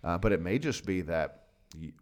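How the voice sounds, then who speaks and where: A man's voice: low voice, animated, normal speed. A man co-hosting a casual podcast chat on Christian leadership, earnest, laughing easily and restarting his sentences. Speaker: podcast co-host.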